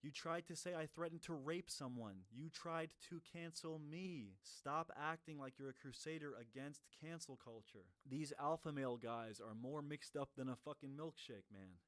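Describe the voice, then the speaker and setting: A man tears into video clips with profane, mocking commentary. His voice sits a little high for a man and sounds close and dry, with no room around it. He keeps up a biting, scornful tone. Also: moderate pace, few pauses, a bit bright, no room sound. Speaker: commentary streamer. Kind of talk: reaction commentary.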